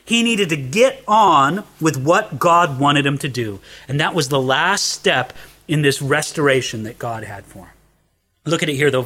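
A man preaching a sermon in a high, bright voice. He is earnest, dropping to a hush and then lifting into emphasis. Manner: earnest, shifts between hushed and emphatic.

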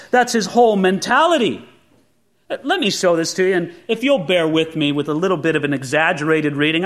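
A man preaching a sermon as pastor, earnest, slowing down to stress the scripture he quotes. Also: high-pitched, a bit bright.

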